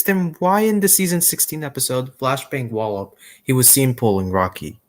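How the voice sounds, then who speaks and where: A man's voice: medium pitch, moderate pace. Chill guy on a stream mostly going yeah, medium voice. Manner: relaxed, agreeable, lots of short replies. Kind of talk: casual fan chat.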